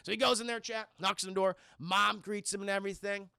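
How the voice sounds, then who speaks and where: Man, streamer, profane film recap to chat, high gravelly voice, dry close mic. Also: fast talker, dry recording. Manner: excitable, profane, keeps addressing chat; acts out character lines in shifting voices.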